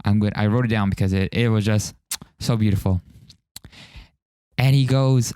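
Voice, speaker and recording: A man's voice: on the low side, normal speed, long pauses, warm tone, clean tone, no room sound, clean studio sound. Rambling, profane male podcaster. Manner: rambling, profane, self-interrupting. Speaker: podcast host. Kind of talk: casual solo podcast monologue.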